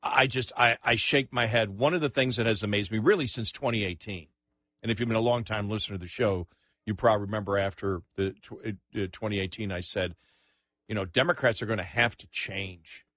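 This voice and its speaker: A man hosting a talk radio show, chatting casually about politics in an animated, incredulous way with frequent stammered restarts. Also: lowish voice, a little fast, no room sound.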